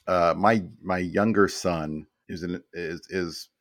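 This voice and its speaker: A man's voice: sits low, steady tone, slow pace, fairly bright tone, dry recording. A man in his fifties, a guest telling stories in a casual interview, rambling and doubling back to repeat words.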